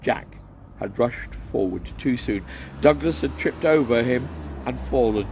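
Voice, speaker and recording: Slow, gravelly male storyteller. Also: mid-range voice, a little hiss or hum. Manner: gentle, chatty asides. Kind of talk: reading a children's story aloud.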